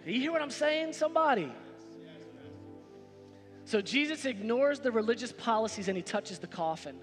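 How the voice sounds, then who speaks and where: Male pastor with a very high, sharp voice, preaching emphatically in a reverberant church hall with music underneath. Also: expressive, moderate pace, pauses often. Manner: emphatic, repetitive preaching with rising exclamations. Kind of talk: sermon. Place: church sanctuary.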